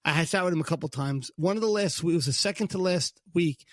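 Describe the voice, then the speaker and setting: A middle-aged man with a Brooklyn accent tells a personal story on a casual faith podcast, talking in a rather high voice. He acts out the lines of others as he goes. The recording is dry and close, with no room sound. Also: fast, dry recording. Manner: animated storyteller, acts out God's lines in a higher voice. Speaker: podcast co-host.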